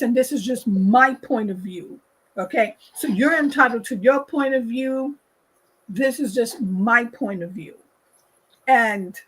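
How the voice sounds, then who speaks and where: Slow, husky high-voiced woman host. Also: fairly bright tone, rough recording. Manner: emphatic, repeats points, acts out quoted people. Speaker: talk show host. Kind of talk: opinionated casual discussion.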